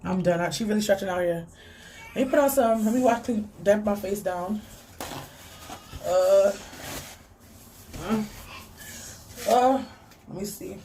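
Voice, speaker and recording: A woman's voice: medium pitch, measured pace, long pauses, warm tone, slight background noise. A young woman vlogging casually while she cleans, rambling and chatty, talking to a child off camera and reading comments aloud.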